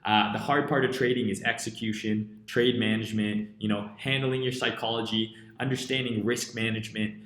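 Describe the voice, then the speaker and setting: A man's voice: fairly low pitch, steady tone, normal speed, hardly any pauses, a bit bright, roomy sound. A man from rural Canada with a Canadian accent, ranting bluntly and profanely in a casual trading live stream while reading chat. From rural interior British Columbia, Canada. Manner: blunt and profane, heavy swearing.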